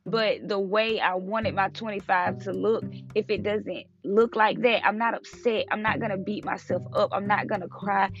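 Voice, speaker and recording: Young woman podcast host, gravelly voice, earnest affirmations, casual swearing, lo-fi audio with music under it. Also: medium pitch, steady tone, normal speed, few pauses. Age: 20s. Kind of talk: casual motivational monologue.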